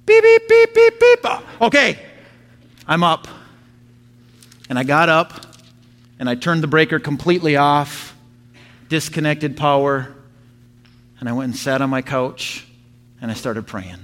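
A man preaching a sermon to his church, telling a story with animated sound effects. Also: medium pitch, unhurried, pauses often. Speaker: pastor.

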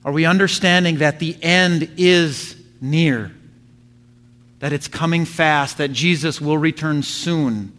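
A man preaches to his church, telling a personal story in a lively way. His voice sits a little on the higher side, and he acts out sounds as he goes. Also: slow pace. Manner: animated storyteller, mimics beeping sounds. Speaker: pastor. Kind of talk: sermon storytelling.

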